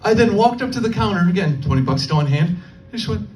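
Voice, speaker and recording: Animated young man telling a stand-up story. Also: high voice, slight background noise. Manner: storytelling with quick quoted voices. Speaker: stand-up comedian. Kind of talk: stand-up set. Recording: distant mic, faint room ambience.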